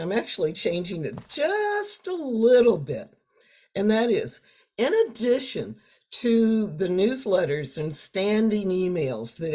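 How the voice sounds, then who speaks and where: A woman's voice: mid-range voice, darkish tone. A woman moderating an online meeting, reading out questions and inviting people to respond. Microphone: video call.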